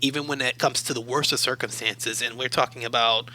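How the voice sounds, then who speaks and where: Here the Baltimore academic adviser is again a guest, recalling his stories with steady, thoughtful calm. His tone stays strikingly bright and sharp-edged at a middle pitch, captured in a low-quality recording with slight background noise.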